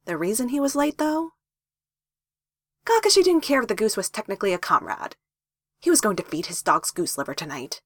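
A woman narrating a fanfiction story with lively, playful emphasis. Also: mid-range voice, fairly quick, long pauses, no echo. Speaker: fanfiction reader.

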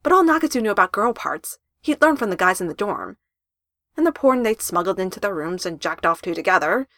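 A woman narrating a story with a lively, animated voice that swings up and down in pitch. The recording is close and dry, with no room sound. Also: fairly quick, no room sound. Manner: expressive, with emphatic rises.

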